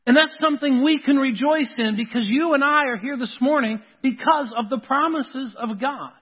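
A male pastor delivers an earnest sermon, his voice sitting high for a man. He circles back to key phrases to drive them home. The sound is thin and tinny, like a phone line. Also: moderate pace, husky, big-room sound.

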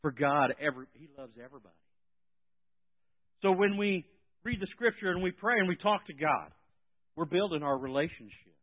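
A man preaching a sermon in an animated way, swinging between soft and loud. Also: a little high, moderate pace, long pauses. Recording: tinny phone-like sound.

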